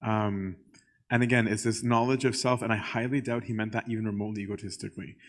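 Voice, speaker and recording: A man, a priest, telling a church story in a conversational way, often checking in with the listeners and pausing on "um". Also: on the low side, fairly even intonation. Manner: conversational, keeps checking in with "right?"; frequent filler "um".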